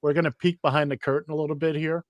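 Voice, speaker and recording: A man hosting a casual radio talk show, rambling with a dry humor and plenty of halting fillers. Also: on the high side, level tone, dry recording, lo-fi sound.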